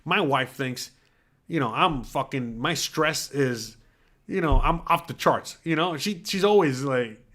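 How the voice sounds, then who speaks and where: A man's voice: a little high, measured pace, fairly bright tone. A middle-aged man from the US East Coast hosting a casual solo chat, rambling and swearing freely with lots of "you know" fillers. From East Coast of the USA. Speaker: podcast host.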